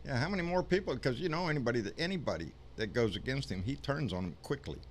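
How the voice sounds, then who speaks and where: A man's voice: mid-range voice, lively intonation, fast, slight background noise. A man hosts a live political chat show in an ordinary middle-range voice. He talks bluntly and swears freely. He gets fired up and preachy as he makes his points. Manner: blunt, profane, fired-up, calls people "baby".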